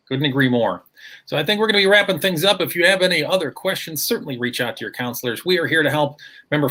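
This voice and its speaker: A man's voice: medium pitch, bright, forceful tone. A man hosting a school presentation livestream, taking audience questions with upbeat, formal phrasing.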